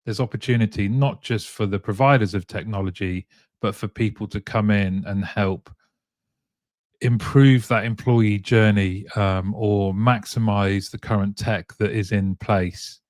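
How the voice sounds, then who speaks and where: A man's voice: lowish voice, fairly even intonation, measured pace, darkish tone, no room sound, studio quality. A man hosting a casual live-streamed talk show, chatting, reading out viewer comments and often chuckling. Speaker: show host.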